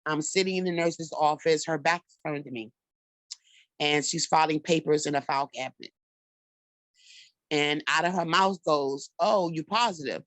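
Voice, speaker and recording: A woman's voice: deep voice, fairly even intonation, normal speed, long pauses, a bit bright, no echo, low-quality recording. Dry-sounding woman telling her story. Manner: conversational, many fillers like "you know". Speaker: guest. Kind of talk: personal storytelling.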